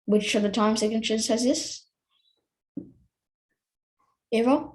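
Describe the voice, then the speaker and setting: A woman's voice: on the high side, slow, a little mellow, rough recording. A young woman teaching a music theory lesson in a casual, hesitant way, with many fillers and restarts.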